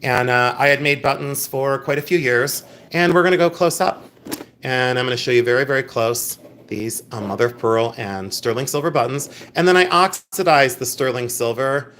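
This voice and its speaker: A man's voice: medium pitch, normal speed, a bit bright, slight background noise. A middle-aged man hosting a casual livestream from home, chatty and playful, reading viewer comments aloud. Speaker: livestream host.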